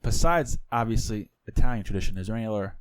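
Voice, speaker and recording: A man's voice: on the low side, expressive, fast, clear, resonant tone, no room sound. A man co-hosting a podcast, joking and blunt, swearing casually. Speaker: podcast host. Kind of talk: casual chat.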